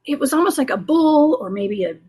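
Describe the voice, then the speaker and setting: A woman's voice: sits high, lively intonation, a little fast, darkish tone. A woman guest telling a rambling paranormal story in a casual interview, full of fillers and restarts. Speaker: guest, cryptid investigator.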